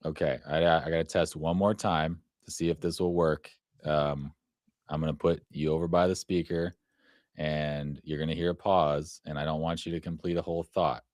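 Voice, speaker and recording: A man producing and hosting a live show, explaining things in a halting way with many fillers. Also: a bass voice, level tone, a little mellow, no room sound, studio quality. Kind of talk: live casual show chat.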